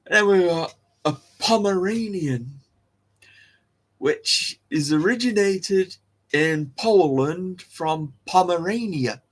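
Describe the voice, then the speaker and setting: A man hosts a loose, chatty talk, talking slowly and stopping to restart his sentences. His voice sits a little higher than most men's. He chuckles to himself as he wanders from point to point. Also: expressive. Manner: rambling, giggly, many restarts. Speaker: host. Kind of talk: casual solo talk about dog breeds.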